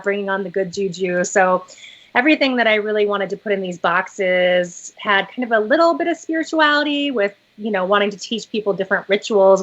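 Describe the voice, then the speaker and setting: A woman guest tells her founder's story in a friendly, chatty and slightly sassy way. Her voice sits at a middling pitch, and the lo-fi line makes it sound dull and muffled. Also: fairly bright tone. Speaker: company founder, interview guest. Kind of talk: interview chat. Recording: dull lo-fi audio.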